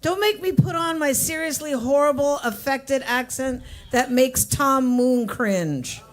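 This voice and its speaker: A woman's voice: high-pitched, a little slow. A woman hosting an open mic at a coffee shop, teasing the crowd and joking between acts. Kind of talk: emceeing a live event.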